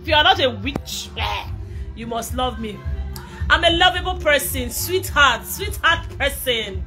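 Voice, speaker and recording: Nigerian woman, young adult, live video chat, excitable, shouty, bright tone. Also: high voice, measured pace, soft background music. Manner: excitable, switching between English and Pidgin, shouting and laughing. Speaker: social media personality.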